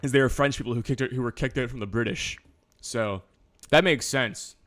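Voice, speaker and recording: A man's voice: mid-range voice, brisk, a bit bright. A man chatting casually on a live stream, rambling, swearing and correcting himself as he goes. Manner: loose rambling talk with profanity and self-corrections.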